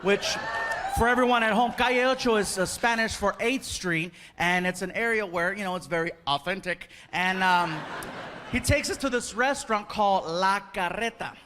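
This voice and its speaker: A man telling an animated stand-up comedy story on stage, acting out the people in it. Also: high-pitched, moderate pace. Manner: animated storytelling, acts out voices. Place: stage before a live audience. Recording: live show with audience noise.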